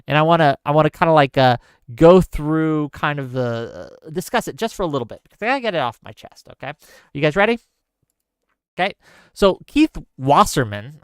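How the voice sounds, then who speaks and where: A man's voice: mid-range voice, clean tone, no echo. A male streamer talking straight to his live chat, emphatic and given to heated, swearing rants with asides to the audience. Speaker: streamer host.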